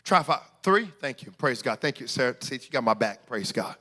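A male pastor preaching a sermon, shouting in sing-song bursts and then dropping to quiet asides. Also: medium pitch, animated, fairly quick.

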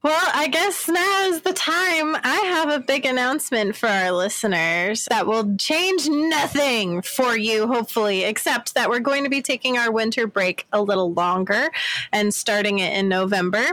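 An upbeat woman hosting a casual podcast chat, her voice sitting a little high for a woman. She laughs easily and moves briskly into plugs for supporters. The sound is close and dry, recorded over a remote call. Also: bright, forceful tone, dry recording, poor audio. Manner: upbeat, laughs often, announcer-style plugs. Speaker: podcast host.

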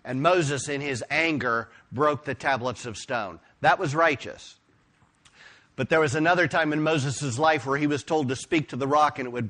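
A pastor preaching a sermon, retelling stories with emphatic, expressive delivery. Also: male voice, mid-range voice.

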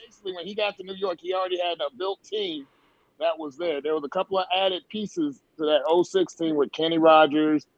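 A man's voice: fairly high pitch, lively intonation, a little fast, gravelly. A man who once played pro baseball, telling stories in a casual sports talk show. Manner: storytelling, emphatic. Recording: dull lo-fi dry sound.

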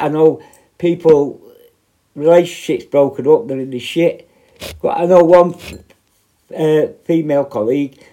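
Speaking in a fairly high, warm voice, a middle-aged man who used to be a prison officer delivers an angry rant directly into the camera, confrontational, blunt, and loaded with profanity.

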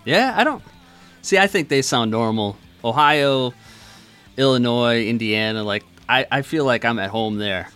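Midwest guy from wisconsin hosting a chill podcast, average pitch, swears a lot, rambly. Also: animated, a little slow, a bit bright, clean tone, faint music behind. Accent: Upper Midwest American. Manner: laid-back, swears freely, rambling storyteller. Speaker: podcast host. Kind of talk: casual chat.

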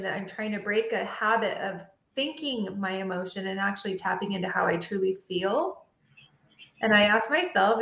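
A woman's voice: fairly high pitch, reverberant. A woman hosting an interview, chatting casually and acting out bits of dialogue as she tells stories. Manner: animated storyteller acting out dialogue. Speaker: podcast host.

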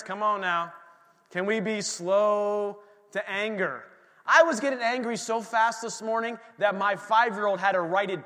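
A man in his thirties preaching a sermon as pastor, animated and joking with the congregation. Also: high voice. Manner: animated preaching with asides and humor. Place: church sanctuary. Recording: long hall reverb from a church room.

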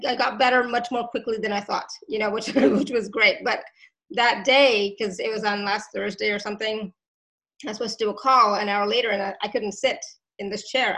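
A woman's voice: mid-range voice, fairly bright tone, low-quality recording. A woman hosting a casual online show, effusive and grateful, laughing often as she talks. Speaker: host. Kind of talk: casual chat.

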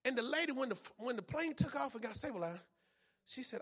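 A man preaching a sermon as pastor, repeating phrases and punctuating them with amens, swinging between hushed passages and loud ones. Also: very high-pitched, animated, fast talker, husky.

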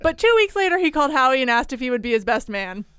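A woman's voice: high voice, big pitch swings, fast talker, a bit bright, smooth, dry recording. A woman co-hosting a podcast, telling a story in a chatty, jokey way with frequent giggles. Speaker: podcast co-host. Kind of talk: casual storytelling chat.

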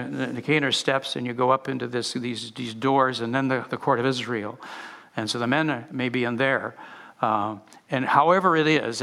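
Animated gravelly man preaching. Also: mid-range voice. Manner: animated, many restarts and repeated words. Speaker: pastor. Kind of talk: sermon.

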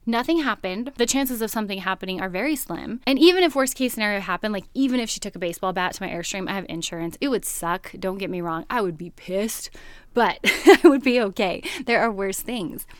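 A woman hosting a podcast, telling a personal story in a casual, animated way and laughing often. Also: medium pitch, a little fast, clear, resonant tone, no room sound, clean studio sound.

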